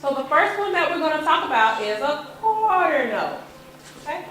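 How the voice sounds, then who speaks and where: A woman with a high, bright voice leads a music class in a school classroom. She encourages the pupils and keeps asking "okay?" to check that they follow. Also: big pitch swings, normal speed, poor audio. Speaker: music teacher. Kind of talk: classroom teaching.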